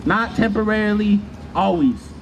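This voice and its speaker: At an outdoor street protest, a man delivers an impassioned, fiery rally speech full of rhetoric, chanting along with the crowd. His voice sits high and sounds gravelly, at normal speed, and the poor audio is filled with loud crowd and street noise.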